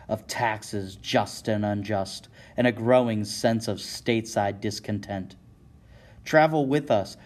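A man's voice: fairly low pitch, darkish tone. Man narrating a dramatic story. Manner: dramatic second-person storytelling.

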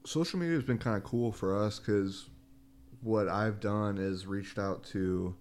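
A young man co-hosting a casual podcast, relaxed and jokey, often saying "like". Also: fairly low pitch, a little slow. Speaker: podcast co-host, small business owner.

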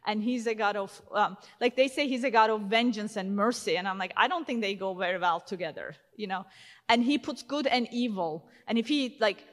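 Speaking fairly quickly in a mid-range voice, a woman in her thirties delivers a conversational conference talk packed with fillers and restarts. The large conference hall leaves a long reverb on the recording.

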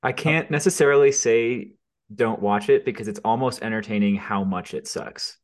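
A man's voice: lowish voice, normal speed. A man co-hosting a podcast, trading wry, sarcastic banter in casual chat. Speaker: podcast co-host.

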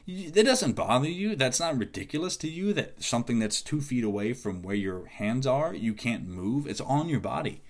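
A man hosting a podcast as a movement coach, talking in a casual, animated monologue and acting out quoted exchanges with clients. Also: mid-range voice, a little fast, hardly any pauses.

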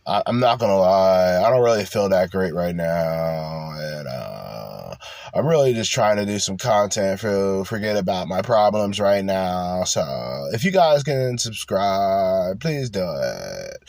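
A man voicing a gloomy, self-pitying young male vlogger who mumbles slowly and can barely be heard. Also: sing-song, gravelly, a little mellow, no room sound, studio quality, exaggerated voice. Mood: glum. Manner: mumbled, barely audible, slow and low.

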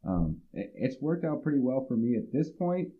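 A man's voice: medium pitch, normal speed, narrow, tinny audio. A man co-hosting a podcast, speaking earnestly and reflectively, often restarting and acting out his own remarks. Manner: earnest and reflective, restarts often, quotes himself in animated asides. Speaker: podcast co-host. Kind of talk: casual podcast discussion.

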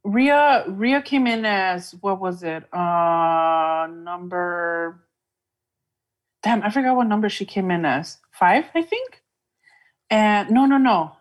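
A woman's voice: mid-range voice, slow pace. A young woman co-hosting a podcast, telling stories with enthusiasm in a casual chat. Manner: enthusiastic, animated storytelling. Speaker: podcast co-host.

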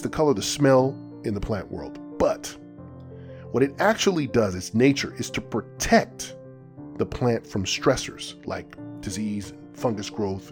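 A man's voice: mid-range voice, a little mellow. A man hosting a podcast, explaining and telling a story in a casual way with playful, self-mocking asides. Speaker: podcast host.

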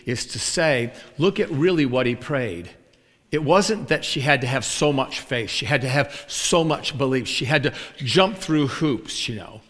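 A male preacher telling a story in a sermon, acting out the voices of the people in it. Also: mid-range voice. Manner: animated storyteller acting out both sides of a dialogue. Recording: long hall reverb.

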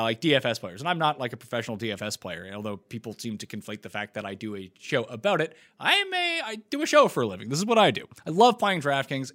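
A man's voice: medium pitch, bright, forceful tone. A man from Nova Scotia hosting a live stream, talking in a blunt, joking, rambling way. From Nova Scotia, Canada. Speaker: host. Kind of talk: casual live-stream chat.

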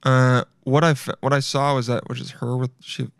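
A man hosting a casual solo podcast, excitable and profane, thinking out loud as he talks. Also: mid-range voice, normal speed, creaky, dry recording, studio quality. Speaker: podcast host.

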